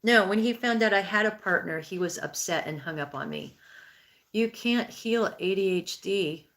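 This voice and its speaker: A woman's voice: mid-range voice, expressive, moderate pace, a bit bright. A woman in her sixties giving a live-streamed spiritual healing talk and answering viewer comments. She speaks earnestly and conversationally, with frequent restarts. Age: 60s. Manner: acts out inner thoughts in a raised, pleading voice.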